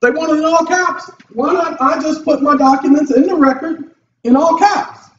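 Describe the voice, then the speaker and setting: Man, high voice, lecturing vlogger, repetitive and preachy, dull distant mic. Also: normal speed, slight background noise. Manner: repetitive, lecturing, asks "okay?" often. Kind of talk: preachy monologue to camera. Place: at a computer desk.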